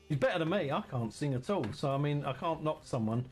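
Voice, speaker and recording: A man's voice: a little high, animated, fast, breathy edge, faint music behind. A man chatting casually and teasingly with viewers while streaming a farming game.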